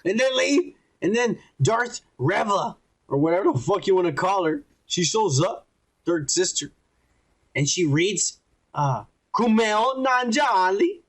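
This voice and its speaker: A man's voice: high voice, measured pace, low-quality recording. A man co-hosting a casual podcast, griping and swearing as he retells scenes. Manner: animated, swears a lot, acts out scenes in quoted voices. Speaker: podcast co-host. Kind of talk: casual profane review chat.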